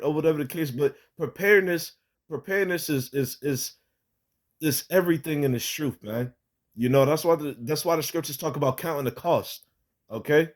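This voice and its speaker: A man's voice: a little high, brisk. A young man giving a casual spoken religious testimony, rambling with many fillers, restarts and casual swearing.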